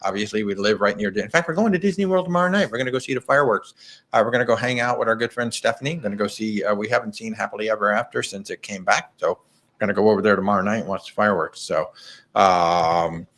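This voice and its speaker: A man's voice: fairly low pitch, a bit bright. A middle-aged man hosting a live travel Q&A in a chatty, rambling way with frequent restarts. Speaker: travel agent show host. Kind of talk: live Q&A chat.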